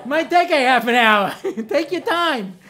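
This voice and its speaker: A man's voice: extremely high pitch, animated, sharp tone. A man, a rabbi, giving a humorous lecture, telling stories in a chatty way and checking whether his listeners follow him. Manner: joking storyteller who mimics people in quick exchanges; conversational, with frequent asides asking the listeners if they follow.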